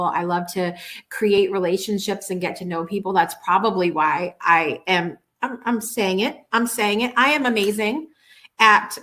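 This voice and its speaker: A chatty woman hosts a live show, telling little stories in a relaxed, heartfelt way. She often trips over her words and starts again, keeping her tone earnest and conversational. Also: mid-range voice. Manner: chatty, warm, earnest, with many restarts. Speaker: show host. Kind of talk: casual storytelling on a live show.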